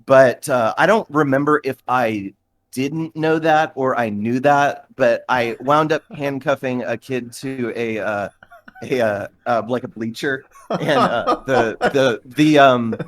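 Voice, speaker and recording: A man's voice: mid-range voice, a little slow. Rambling man telling a story. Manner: rambling, many fillers and restarts. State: shivering in a cooling bath. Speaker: podcast co-host. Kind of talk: casual storytelling chat.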